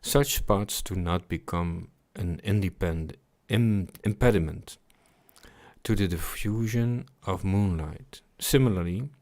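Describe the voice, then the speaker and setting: Slow, gravelly-voiced man reading scripture. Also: low-pitched, a little mellow. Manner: reflective, pauses often, repeats words. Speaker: scripture reader. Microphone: computer mic on a livestream.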